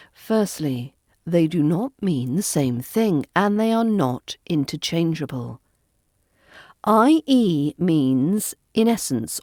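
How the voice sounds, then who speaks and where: British woman w/ soft RP accent teaching on her podcast, mellow voice, lively ups and downs. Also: on the low side, no echo, clean studio sound. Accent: Southern English RP. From Britain. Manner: clear, deliberate teacherly delivery. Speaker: accent coach and podcast host. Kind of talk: scripted podcast lesson.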